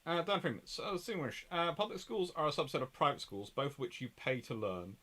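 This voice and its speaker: A man's voice: fairly high pitch, lively intonation, fairly quick, a bit bright. English man answering viewer questions. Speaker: host. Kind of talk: casual livestream chat.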